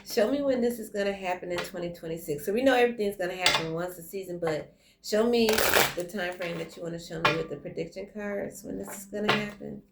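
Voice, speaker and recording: A woman's voice: fairly low pitch, quick pace, very noisy. A woman giving a casual online tarot reading, effusive and speaking straight to the viewer. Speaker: tarot reader. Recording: music playing clearly behind her voice.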